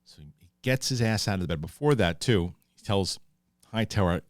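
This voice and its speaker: A man giving a casual, profane spoiler review of a TV episode, acting out scenes in quick paraphrased quotes. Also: sits low, animated, dry recording, studio quality. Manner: rambling with restarts when moved. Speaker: film and TV reviewer.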